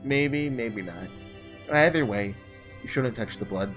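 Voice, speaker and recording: A man voicing a calm, dying young man. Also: medium pitch, a little slow, faint music behind. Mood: wry.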